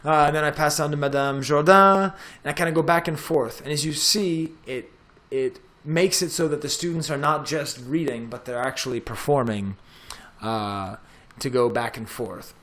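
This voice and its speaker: A middle-aged man, a professor, walking through a software tutorial in a casual, chatty way as he clicks through the steps. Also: fairly high pitch, normal speed. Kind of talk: screen-recorded tech tutorial.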